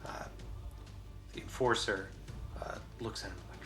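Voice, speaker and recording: A low-voiced man runs a solo tabletop game, narrating in a loose, casual way with plenty of fillers. Loud music plays behind him. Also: steady tone, unhurried, long pauses. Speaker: game master. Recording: voice over loud background music.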